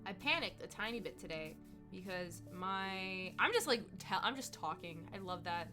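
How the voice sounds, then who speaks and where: A young woman streamer telling a rambling, animated story while she plays a game at home. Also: lowish voice, moderate pace, over music. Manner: chatty, rambling, animated retelling. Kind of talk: casual storytelling while gaming.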